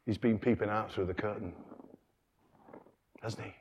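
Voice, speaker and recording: A middle-aged British man preaching a sermon in a church, animated and acting out the characters' lines. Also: fairly low pitch, normal speed, a little hiss or hum. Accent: British English. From Britain. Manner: animated, acts out dialogue with changing voices. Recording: long reverb of a church hall.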